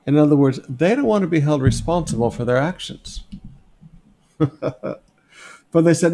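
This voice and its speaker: Guy teaching a bible passage, kinda high voice, gravelly, keeps going "now notice" and "okay?". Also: lively intonation, moderate pace, pauses often, mellow. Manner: conversational, emphatic, asks "notice" and "okay?"; sketches on a board while teaching. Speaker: pastor. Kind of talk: expository Bible teaching sermon.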